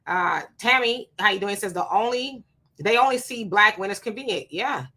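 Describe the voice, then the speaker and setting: Bright-voiced woman reading live chat. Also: medium pitch, animated, normal speed. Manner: blunt, talks back to commenters; reads chat messages aloud, greeting viewers by name. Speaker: livestream co-host reading viewer comments. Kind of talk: casual live-stream chat.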